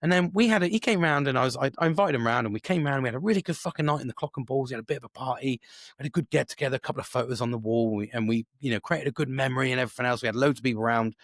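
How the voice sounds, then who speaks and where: A man's voice: medium pitch, rapid-fire, no echo, studio quality. A man, a podcast host talking alone in a casual, rambling way with lots of swearing and restarts. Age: 40s. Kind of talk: casual solo monologue.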